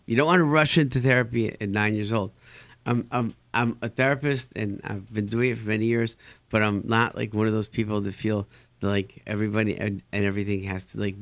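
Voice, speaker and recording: A man, a therapist, giving parenting advice in a lively advice talk, acting out incredulous reactions and using Yiddish words. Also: no room sound. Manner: animated, acts out incredulous reactions with sudden jumps in pitch. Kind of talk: advice talk answering listener questions.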